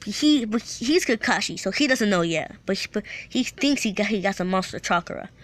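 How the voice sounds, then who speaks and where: A woman's voice: medium pitch, lively intonation, normal speed. A woman casually retelling her own fan-fiction story, rambling with frequent restarts and playful asides to her viewers.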